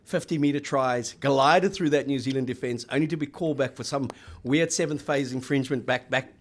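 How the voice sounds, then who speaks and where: A man's voice: medium pitch, fairly quick. A South African man co-hosting a casual rugby chat, telling rambling stories with fillers. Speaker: co-host.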